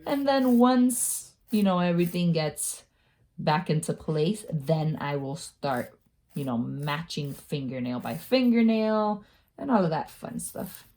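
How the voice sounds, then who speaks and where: Woman, low mellow voice, casual chatty how-to vlogger who pokes fun at herself. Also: expressive, unhurried. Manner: chatty and self-mocking, laughs at herself. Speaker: beauty vlogger. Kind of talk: casual nail-care tutorial.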